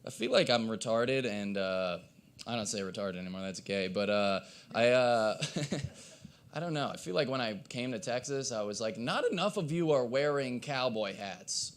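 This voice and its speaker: A man doing a stand-up set at an open mic, with a hoarse, cracking voice and a rambling, self-deprecating delivery. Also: fairly low pitch, normal speed. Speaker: stand-up comedian. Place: live open mic in a coffee shop.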